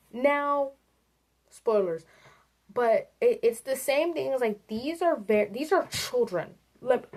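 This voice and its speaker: A woman giving a casual, animated rant about a video game to her viewers, swearing and addressing them directly. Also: sits high. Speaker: video creator.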